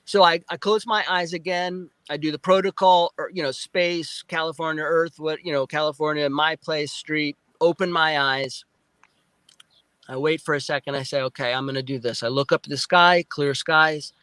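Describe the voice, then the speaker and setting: A man telling a story as a guest, excitable and animated, acting out sounds and quoting himself. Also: on the high side, moderate pace, clean tone, no room sound. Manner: excitable, acts out sounds and quotes.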